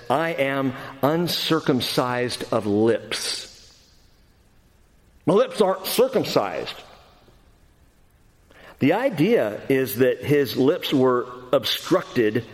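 A man preaches in a somewhat raised voice, acting out the voices of the scripture he quotes with big jumps up and down in pitch. His sermon rings with the long reverb of a large hall. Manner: animated, acts out quoted voices, wide swings in pitch. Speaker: pastor.

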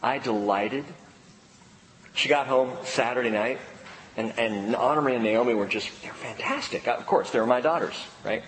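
A man preaching a sermon to a congregation, lively, stretching out key words for emphasis. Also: mid-range voice, normal speed, slight background noise. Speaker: pastor. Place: church sanctuary. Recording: long hall reverb, faint ambience.

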